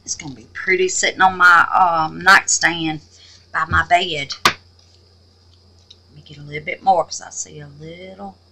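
A woman's voice: fairly low pitch, steady tone, unhurried, long pauses, background noise. A woman hosting a casual crafting tutorial, chatting away, exclaiming to the Lord and muttering half-whispered asides to herself. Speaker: resin craft channel host.

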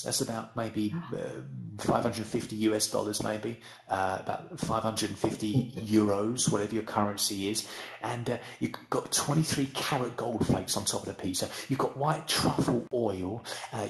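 A British man teaching English in a loose, chatty way, often poking fun at himself. His voice sits low with a gravelly edge. It echoes as if he is in a roomy virtual hall. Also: a little slow. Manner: chatty, rambling, self-deprecating. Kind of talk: casual live lesson in virtual reality.

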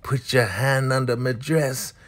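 A man's voice: mid-range voice, steady tone, unhurried, a bit bright, voice pushed up, natural voice. A man voicing a scheming, lustful woman who is a cult elder, with a bossy, drawling delivery. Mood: sly.

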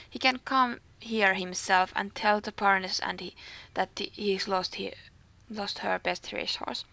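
A woman's voice: medium pitch, a bit bright. A woman with a Finnish accent reading aloud as a hot-tempered female stable keeper in a game, stumbling and restarting words.

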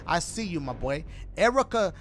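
A man's voice: on the high side, big pitch swings, moderate pace, slight background noise. A man streaming a game, chatting casually and reading donations in loose slang with joking asides. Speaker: gaming streamer.

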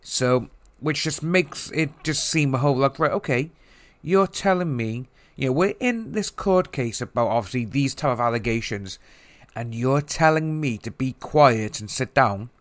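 A man hosting a casual commentary vlog, talking in an animated, mocking way. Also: medium pitch, normal speed, no room sound. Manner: animated and mocking, mimics people he talks about. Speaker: YouTube channel host.

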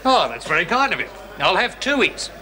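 A man's voice: high-pitched, sing-song, brisk. An actor playing an easygoing, dry Australian man with an Australian accent, in a sitcom. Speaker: local drinker in a pub. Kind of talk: 1970s sitcom acting. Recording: noisy old TV soundtrack.

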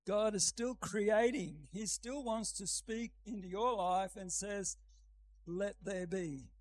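An older man preaching a sermon in a church, speaking gently at first and building to an emphatic scripture reading. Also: sits high, takes it slowly, a little hiss or hum, rough recording.

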